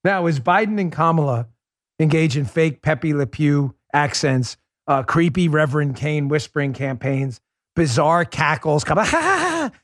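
A man's voice: a little high, a little slow, dry recording, clean studio sound. A man hosting a political talk show, delivering an emphatic, sarcastic monologue full of rhetorical questions.

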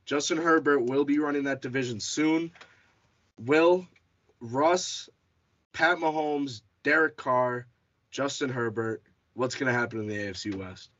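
A man's voice: mid-range voice, unhurried, a bit bright. A man hosting a casual sports podcast, chatty, often restarting and correcting himself. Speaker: podcast host. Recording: dull lo-fi audio.

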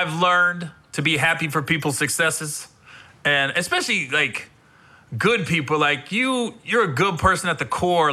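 A man, a stand-up comedian, telling stories in casual chat with lots of swearing and laughter, acting out what others said. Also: on the high side. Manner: animated storytelling, swears, laughs often, voices others. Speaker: stand-up comedian, podcast host.

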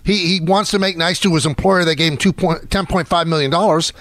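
A man's voice: on the high side, steady tone, a little fast, a bit bright, no echo. A man co-hosting a sports radio show, arguing insistently and defensively in a heated debate from a studio. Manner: defensive, insistent, repeats himself.

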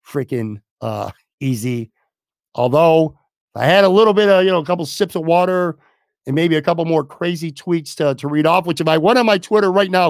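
Gravelly, hoarse sports podcast host. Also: male voice, a little high, dry recording, studio quality. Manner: blunt, swearing, rambling. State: losing his voice. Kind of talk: casual sports talk.

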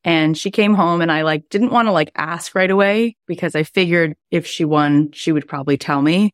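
A middle-aged woman who works as a life coach and podcast host tells a personal story in a low voice at normal speed. She sounds chatty and heartfelt, leaning on "like" a lot, and the studio-quality recording has no echo.

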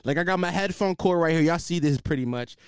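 A man's voice: a little high, fast talker, smooth, no room sound, clean studio sound. A young man hosting a podcast at his desk, rambling casually with lots of swearing and self-deprecating asides. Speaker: podcast host. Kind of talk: casual solo podcast chat. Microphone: desk microphone.

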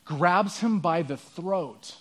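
A pastor preaching a sermon, telling a story in an earnest, conversational way. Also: male voice, sits high, slow pace.

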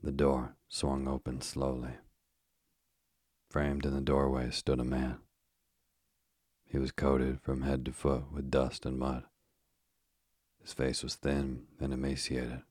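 A man narrating a story in the first person as an audiobook, reading in a measured, steady way. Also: very deep voice, dry recording, clean studio sound.

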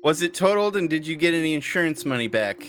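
A man's voice: a little high, animated, fast talker, a bit bright, faint music behind. A man joining a game show from home by video call, laid-back and joking. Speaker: game contestant. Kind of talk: casual game show banter.

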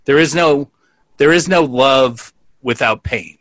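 A man's voice: mid-range voice, slow, a bit bright, no room sound. A man co-hosting a podcast in casual chat, laid-back and bluntly profane. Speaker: podcast co-host.

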